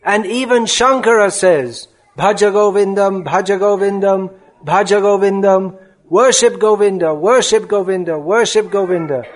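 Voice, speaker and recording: A man voicing an elderly male guru who is furious and scolds forcefully, rising to shouts. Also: sits high, normal speed, natural voice.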